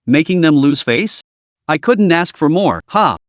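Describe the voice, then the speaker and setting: A man's voice: a little high, animated, a little slow, no room sound, studio quality. A man voicing a cocky, sardonic young man in a storybook reading, offhand and sneering.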